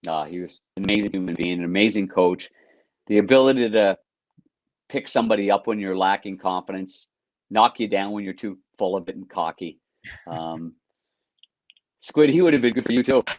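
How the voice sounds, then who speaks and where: A middle-aged man, a former hockey goalie, telling lively anecdotes on a podcast and acting out quotes. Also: sits low, moderate pace, long pauses, dry recording, dull audio. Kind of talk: casual storytelling.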